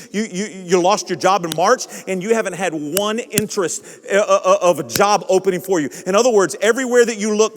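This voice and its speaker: A male pastor preaching a sermon in a church, impassioned and building up to shouts. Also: high voice, long reverb tail. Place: church sanctuary.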